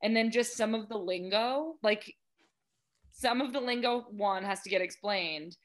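A young American woman in a casual interview, answering in a relaxed, rambling way with hesitant fillers. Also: mid-range voice, unhurried. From United States. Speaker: guest, athlete.

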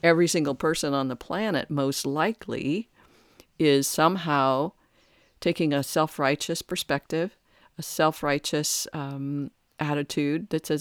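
A podcast host speaking in a reflective spiritual talk, the voice smooth and resonant. The delivery is thoughtful and halting, with phrases often restarted mid-thought. The sound is dry and close, with no room around it. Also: medium pitch, steady tone, no room sound.

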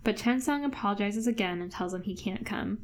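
A woman's voice: medium pitch, a little fast. Giggly woman podcast co-host. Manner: giggly, chatty, quotes characters. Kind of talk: casual chat recapping a TV show.

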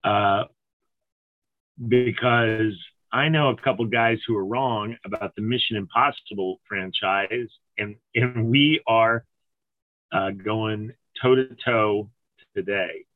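A man hosting a podcast in casual, joking chat, halting with fillers. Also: lowish voice, steady tone, no room sound, phone-quality sound. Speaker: podcast host.

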